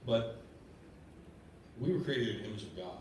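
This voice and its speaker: A man's voice: on the low side, lively intonation, moderate pace, darkish tone. Earnest man preaching in an echoey church. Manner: earnest and conversational, stammers and repeats words. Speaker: lay preacher. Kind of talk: sermon. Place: church sanctuary. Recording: echoey church room from far off, faint hiss. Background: congregation responding.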